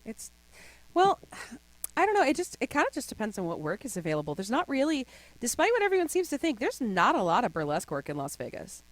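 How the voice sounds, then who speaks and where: A woman's voice: on the high side, quick pace, no echo. A young adult woman as a podcast guest, telling stories in casual chat and slipping into voices now and then. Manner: animated storyteller, slips into voices.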